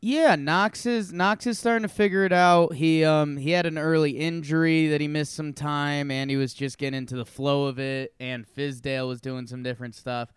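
A man co-hosting a casual podcast over a remote call, talking basketball in a relaxed, hesitant way. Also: on the high side, moderate pace, hardly any pauses, clean tone, dry recording. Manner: relaxed, hesitant, with many fillers. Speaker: podcast co-host.

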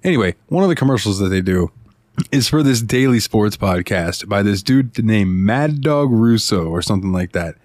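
A man's voice: fairly low pitch, animated, normal speed, darkish tone, no room sound. A man hosting a casual podcast, chatty and laughing often, full of "like" and "uh" fillers. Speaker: podcast host.

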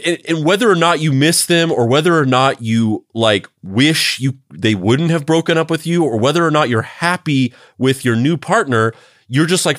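A man's voice: medium pitch, a bit bright, no room sound, clean studio sound. A man co-hosting a podcast, chatting casually and loosely, repeating himself as he builds a point. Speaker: podcast co-host. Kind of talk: casual chat.

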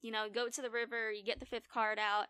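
A woman guest on a podcast telling animated stories in casual chat, full of fillers and acted-out quotes. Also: on the high side, fast, clean tone, no echo. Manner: animated storyteller, acts out quoted people, many fillers. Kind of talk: casual storytelling interview.

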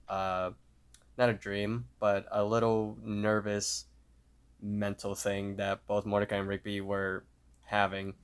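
A man's voice: lowish voice, clear, resonant tone. A man co-hosting a podcast, retelling a cartoon episode scene by scene in a casual way. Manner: steady play-by-play retelling with fillers. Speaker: podcast co-host.

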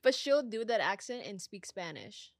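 A woman's voice: medium pitch, very animated, moderate pace, gravelly, crowd noise. A woman guest on a podcast in casual chat, laid-back and a little hesitant, in a studio.

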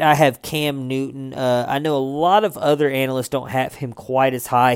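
A young man works through his fantasy football rankings in a relaxed, chatty way, pausing on fillers as he goes. His voice is smooth and clean, recorded close and dry with no room sound. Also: medium pitch, no room sound. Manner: relaxed, conversational, frequent uh fillers. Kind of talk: casual ranking commentary.

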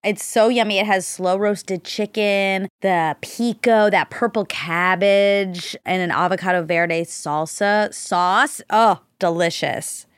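A woman in her thirties, a podcast co-host chatting in a relaxed, agreeable way. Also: medium pitch, slow pace, hardly any pauses, clear, resonant tone, no room sound, clean studio sound. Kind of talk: casual chat.

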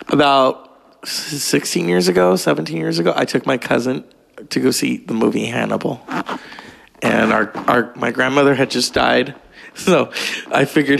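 A man's voice: mid-range voice, normal speed, vocal fry, a bit bright. A man talking in a rambling, gossipy monologue, full of profanity and digressions. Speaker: vlogger.

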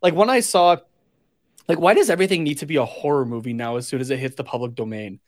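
Rambling, slightly high-voiced man. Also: fast. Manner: rambling, swears freely, laughs at himself. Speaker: podcast co-host. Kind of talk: casual chat.

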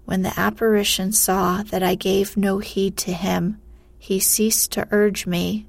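A woman narrating a fairy tale in a soft, hushed, half-whispered voice. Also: mid-range voice, level tone, a little slow, vocal fry, no echo. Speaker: storyteller.

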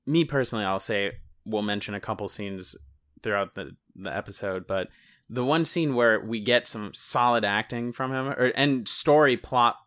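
A man co-hosting a podcast, chatting casually about a movie and retelling scenes in a rambling, animated way, swearing and laughing often. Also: on the low side, moderate pace. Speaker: podcast co-host reviewing a movie. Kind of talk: casual chat.

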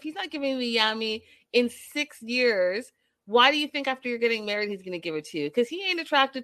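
A woman's voice: a little high, lively intonation, fairly quick, fairly bright tone, no room sound. A woman commenting on a reality show in a sassy, exasperated way, repeating herself for emphasis while reading viewer chat.

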